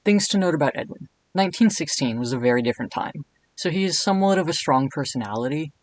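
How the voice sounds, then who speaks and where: A man's voice: a little high, fast talker, poor audio. Irreverent, jokey man narrating. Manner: irreverent, jokey, with deadpan asides. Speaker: video essayist. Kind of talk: comedic video essay narration.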